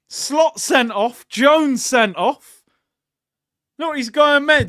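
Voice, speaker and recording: High, excitable man reacting live. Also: extremely slow, long pauses, no echo, studio quality. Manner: excitable, bursts into loud shouts; chatty, addresses viewers as "people". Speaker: football watchalong host. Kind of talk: live watchalong reaction commentary.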